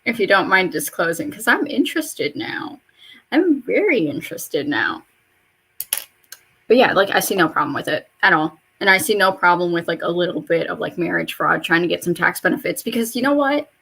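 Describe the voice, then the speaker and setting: A woman in her mid-twenties chatting casually while getting ready in her bedroom, rambling and swearing, with sudden high excited jumps in pitch. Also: normal speed, vocal fry, breathy edge. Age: mid-20s. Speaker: vlogger. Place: bedroom at home.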